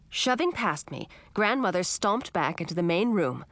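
Woman narrating a fantasy storybook, lowish voice, lots of swoop in the pitch, dry close mic. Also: moderate pace, hardly any pauses, dry recording. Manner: expressive first-person reading. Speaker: audiobook narrator.

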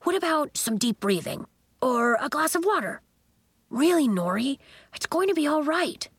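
A woman's voice: high-pitched, very animated, normal speed, no echo, pitched above the performer's own voice. A woman voicing an earnest young boy who keeps offering to help, speaking in an eager, reassuring way. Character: earnest helpful schoolboy, eager to fix things.

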